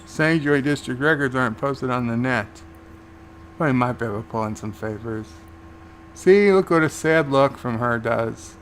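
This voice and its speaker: A man's voice: mid-range voice, normal speed, slight background noise. A man hosting a live watch-along, casually recapping scenes and paraphrasing the characters' lines. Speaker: show host and reviewer.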